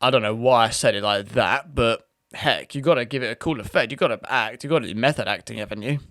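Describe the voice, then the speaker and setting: A man's voice: medium pitch, fast, fairly bright tone, no room sound, clean studio sound. A British man hosting a casual online video, talking in a chatty, rambling way with frequent restarts. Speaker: YouTube host. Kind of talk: casual commentary.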